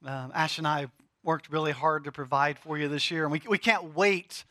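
A middle-aged pastor delivers a sermon, building to emphatic swells and then dropping into dramatic pauses. His voice is bright and forceful, sitting a little high for a man. The sound is dry, with almost no room echo. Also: steady tone.

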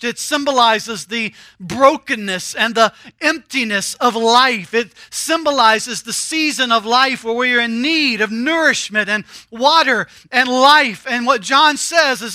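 A man, a pastor preaching a sermon that asks the listener questions and drops at times to a hushed, close tone. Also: extremely high pitch, dry recording.

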